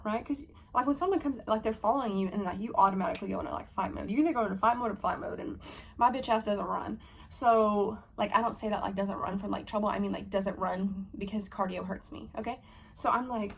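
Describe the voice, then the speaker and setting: A young woman in her twenties telling a story to camera in a fast, profane, animated vlog style, acting out her own heated lines. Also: medium pitch, gravelly, a little hiss or hum. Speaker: vlogger. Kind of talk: storytime vlog, casual chat.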